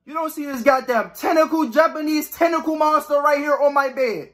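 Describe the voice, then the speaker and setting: A man's voice: very high voice, fairly quick, a bit bright. A young man giving joking, swearing horror game commentary, reading the game text aloud. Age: young adult. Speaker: gaming YouTuber.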